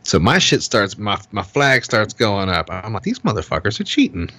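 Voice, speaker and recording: A man's voice: fairly low pitch, sing-song, moderate pace, sharp tone, dry recording. A man on a podcast telling a heated, profane story in casual chat and acting out what people said. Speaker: podcast co-host.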